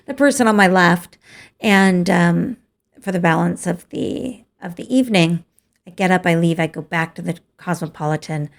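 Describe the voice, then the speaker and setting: A woman's voice: on the low side, creaky. A woman host telling a personal story in a candid, confessional way, with frequent hesitant restarts. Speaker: podcast host.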